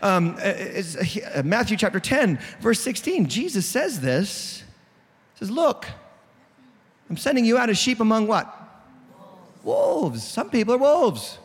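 A man's voice: sits high, wildly swooping pitch, a little slow, breathy edge. A man pastor with a New England accent preaching a sermon, direct and joking with the congregation. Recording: echoey hall.

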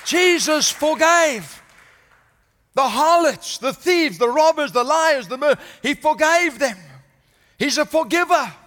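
A senior pastor preaching a sermon, building to strong emphasis and asking the congregation "Amen?". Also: male voice, very high voice, animated, slow, fairly bright tone, long reverb tail, a faint crowd. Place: church.

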